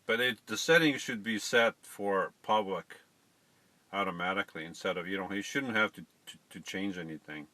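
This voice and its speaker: A man's voice: low voice, moderate pace, pushed and bright, no echo. A middle-aged man hosting a casual live stream, chatting to viewers and fumbling with settings.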